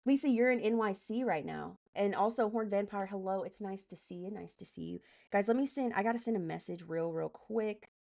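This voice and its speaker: A woman's voice: medium pitch, creaky, a little mellow. A woman live streamer doing political commentary, heated and profane, breaking off to greet chat and direct moderators. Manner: heated, profane, rapid asides to chat and mods.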